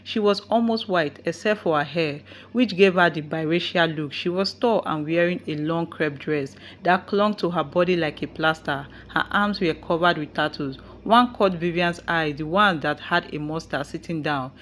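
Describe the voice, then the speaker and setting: A woman narrating a folktale in a steady reading voice. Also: low-pitched, normal speed, hardly any pauses, slight background noise. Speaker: storyteller. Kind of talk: scripted story narration.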